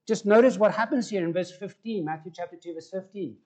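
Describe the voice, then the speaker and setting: A man's voice: sits high, brisk, a little mellow. A man preaching a conversational sermon and putting questions to the congregation. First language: Afrikaans. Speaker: pastor.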